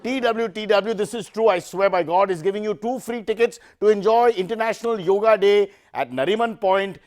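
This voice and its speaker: Male satirical host, fairly high voice, sarcastic and rambling. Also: fairly quick, darkish tone. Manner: sarcastic, self-mocking, rambling asides. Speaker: comedy show host. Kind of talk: satirical news comedy.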